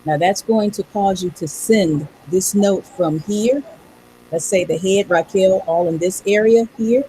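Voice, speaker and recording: A woman's voice: mid-range voice, unhurried, mellow, rough recording. Directive female co-leader of a voice workshop who calls on participants by name, with faint background hiss. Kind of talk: guided vocal exercise instruction.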